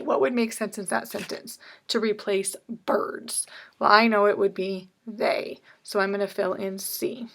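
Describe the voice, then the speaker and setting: A woman teaching an online reading lesson, brisk and explanatory, checking in with "okay?" after each point. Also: medium pitch, creaky, a bit bright. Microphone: computer mic with screen share.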